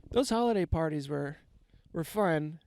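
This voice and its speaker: A man's voice: fairly high pitch, lively intonation, unhurried, darkish tone, a little hiss or hum. A man, telling a rambling, self-mocking comic story and swearing freely. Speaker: comedian. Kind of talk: casual comedic storytelling monologue.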